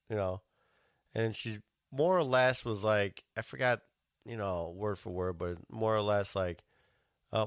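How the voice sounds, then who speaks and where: A man's voice: lowish voice, unhurried, smooth, dry recording, studio quality. A man hosting a podcast, telling an annoyed story in a casual, profane rant and acting out both sides of his phone calls. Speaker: podcast host.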